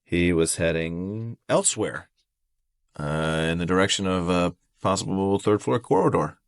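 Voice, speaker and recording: A man co-hosting a podcast, calmly retelling a chapter's events in casual chat. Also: sits low, measured pace, dry recording, studio quality. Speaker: podcast co-host.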